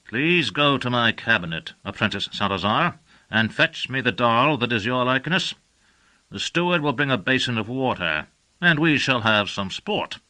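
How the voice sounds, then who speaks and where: A husky, proud sorcerer full of wrath, as a male narrator puts him on, cruel and menacing. His raised voice comes out bright and tense in an audiobook reading. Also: mid-range voice, animated, normal speed, pitched above the performer's own voice, low-quality recording. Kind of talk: audiobook character voice.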